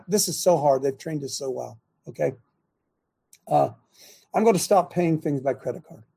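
An older man hosts a talk radio show, speaking emphatically, repeating himself and laughing in disbelief as he comments. His voice is fairly high, gravelly and mellow, with a breathy edge.

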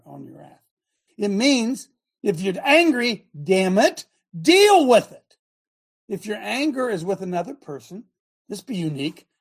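Woman, talk show host, husky and breathy, emphatic, rambling monologue, sudden shouted outbursts. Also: fairly low pitch. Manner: emphatic, rambling, self-interrupting, bursts into shouting.

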